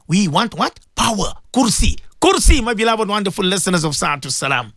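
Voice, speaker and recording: A man's voice: sits high, big pitch swings, brisk, few pauses, a bit bright, no room sound, studio quality. A man presenting a morning radio show, delivering an impassioned sermon-style talk with emphatic repeated phrases.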